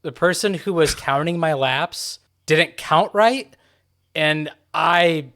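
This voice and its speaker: A young man chatting on a podcast, rambling and hesitating as he goes. His voice sits a bit high and comes through clear and smooth. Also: slow, fairly bright tone. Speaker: podcast co-host. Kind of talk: casual chat.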